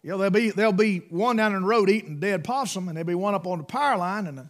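A middle-aged man preaching a sermon, fervent, swinging between loud bursts and hushed asides. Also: sits high, rapid-fire.

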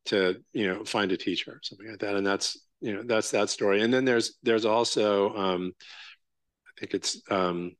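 A man's voice: lowish voice, fairly even intonation, normal speed, fairly bright tone, dry recording. A male Zen teacher giving a conversational dharma talk with many fillers, restarts and a frequent "right?".

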